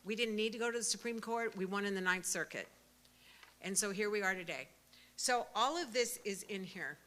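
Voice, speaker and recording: A woman in her sixties giving an impassioned speech at a pro-life event, fervent and emphatic, rising to loud peaks. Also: mid-range voice, moderate pace. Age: 60s.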